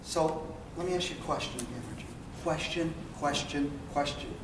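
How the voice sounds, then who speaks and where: Running a folksy sales training session in a meeting room, a man with a fairly high-pitched voice speaks at a moderate pace and acts out what to say to customers. He has no microphone and is away from the recorder. The recording is roomy and distant, carrying faint room noise.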